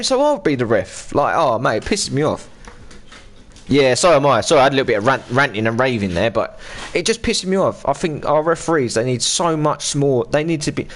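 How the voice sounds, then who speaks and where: Ranting English streamer man. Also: on the high side. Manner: ranting, sweary, chatty. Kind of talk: casual live-stream chat while gaming.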